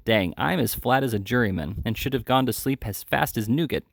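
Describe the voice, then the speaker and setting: A man's voice: mid-range voice, lively intonation, a little fast, vocal fry, no echo, clean studio sound. A man reading aloud as a vain, bored male crook who grumbles in boastful slang.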